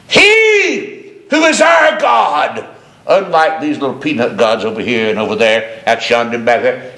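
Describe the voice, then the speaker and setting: A man preaching a sermon with passion, repeating phrases for emphasis and climbing from low murmurs to high, ringing cries. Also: a bit bright.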